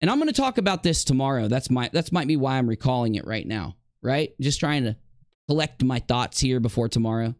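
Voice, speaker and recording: A man's voice: mid-range voice, expressive, brisk, dry recording, clean studio sound. A man streamer in a heated livestream rant, confrontationally addressing a rival directly.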